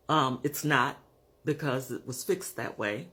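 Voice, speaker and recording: A man in his fifties or sixties speaking frankly to his camera at home in a personal vlog, measured and pausing to find his words. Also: mid-range voice, animated, pushed and bright. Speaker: vlogger. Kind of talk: candid personal vlog monologue.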